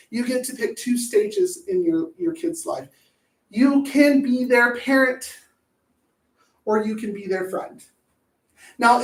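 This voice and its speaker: A woman giving a casual talk on parenting. She is chatty and jokey, and she acts out little voices as she goes. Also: a little high. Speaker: parenting educator. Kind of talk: casual presentation. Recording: echoey room, voice from a distance.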